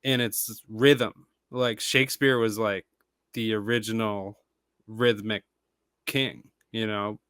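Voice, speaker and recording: A man, a rapper and stage actor, talking casually as a podcast guest, animated and full of "like" fillers. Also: on the low side, takes it slowly, clear, resonant tone, dry recording.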